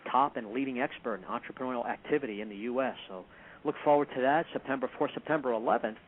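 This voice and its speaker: A man co-hosting a radio talk show, announcing upcoming guests in a brisk casual way. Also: medium pitch. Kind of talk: casual on-air chat. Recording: tinny phone-like radio audio with faint noise.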